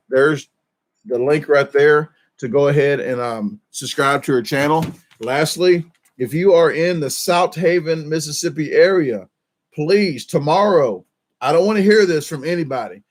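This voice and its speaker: A middle-aged man chatting loosely to his viewers in a casual livestream. He rambles, corrects himself mid-sentence and keeps a friendly, unscripted flow. His voice sits a touch higher than most men's. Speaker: channel host.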